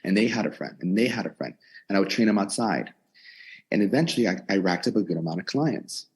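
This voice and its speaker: Young guy in his 20s, husky voice, pretty low, chatting candid about his gym days. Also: quick pace. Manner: candid, energetic, lively retelling with inner dialogue. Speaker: personal trainer and gym owner, podcast guest. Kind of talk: casual storytelling in a podcast interview. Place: his own gym in a converted storage unit.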